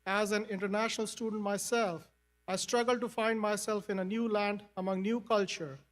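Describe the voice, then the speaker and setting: A man's voice: high-pitched, fairly even intonation, moderate pace. A man, a finance professor and faculty senate chair, giving a formal, earnest address to new students at a ceremony.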